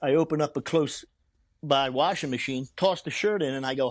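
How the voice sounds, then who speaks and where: This guest on an interview show has a mid-range voice and a brisk delivery, recorded with no room sound. He energetically relates a long story, mimicking the characters' voices and often backing up to restart what he's saying.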